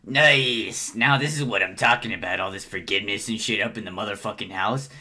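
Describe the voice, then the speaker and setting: A man voicing Gamzee, a loud profane clown preacher. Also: on the low side, a little fast, exaggerated voice. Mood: gleeful. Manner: drawling, swearing sermon talk. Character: male troll clown preacher, rambling and profane. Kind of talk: fan read-aloud role-play.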